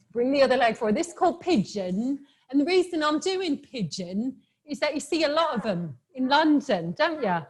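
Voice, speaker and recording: A woman teaching a live online yoga class for children, giving playful, encouraging cues and laughing often over a video call. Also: fairly high pitch.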